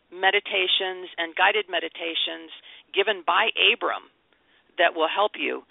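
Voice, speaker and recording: A woman's voice: lowish voice, vocal fry, no room sound. A woman co-hosting a psychic call-in radio show, advising callers unhurriedly. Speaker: psychic co-host. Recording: tinny phone-line radio sound.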